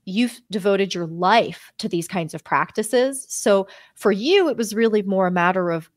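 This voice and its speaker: A woman's voice: mid-range voice, expressive, measured pace. A woman hosting an interview, asking engaged, probing questions and affirming her guest often. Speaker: host.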